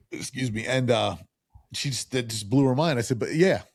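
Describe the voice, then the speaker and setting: A middle-aged man from New Jersey, a podcast guest telling lively stories in casual chat and acting out the people he quotes. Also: mid-range voice, normal speed, no echo. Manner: animated storyteller who acts out quoted voices.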